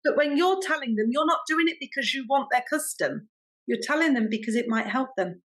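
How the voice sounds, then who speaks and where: A woman talking as a podcast guest, chatting and telling stories in a lively way. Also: high voice, brisk. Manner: chatty, animated storyteller. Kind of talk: casual interview chat.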